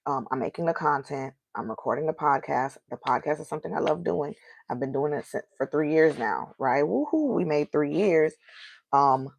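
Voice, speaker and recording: On her solo podcast, this host, a woman in her thirties with an African American accent, speaks in a low, gravelly voice at a moderate pace with fairly even intonation. She vents frankly and asks rhetorical questions, recorded dry.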